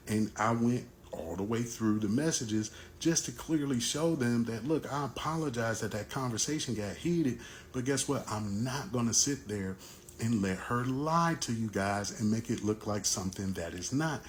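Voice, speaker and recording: A man's voice: medium pitch, moderate pace, a little hiss or hum. A man casually recounting a personal story as a vlogger, plain-spoken and repeating points for emphasis. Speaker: vlogger recounting his divorce.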